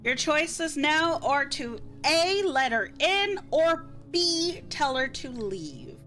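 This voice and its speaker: A woman streamer chatting casually with viewers, expressive and flustered. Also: high-pitched, slow, faint music behind. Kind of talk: casual livestream chat.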